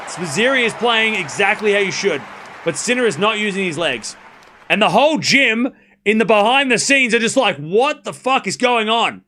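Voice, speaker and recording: A man's voice: high-pitched, very animated, moderate pace, sharp tone, a little hiss or hum. A man hosting a live watchalong stream, calling the play and reacting bluntly, swearing freely. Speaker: streamer host.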